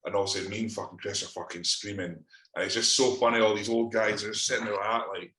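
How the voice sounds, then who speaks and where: A man's voice: on the low side, level tone, fast talker, sharp tone, reverberant. A Scottish man co-hosting a podcast, telling gym stories in sweary, laughing casual chat. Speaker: podcast co-host.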